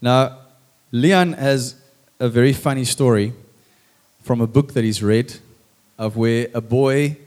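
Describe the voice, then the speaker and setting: A man's voice: medium pitch, slow, long pauses, a little mellow. Chatty jokey male pastor. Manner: chatty, jokey, asks the audience questions. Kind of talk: casual sermon to a congregation.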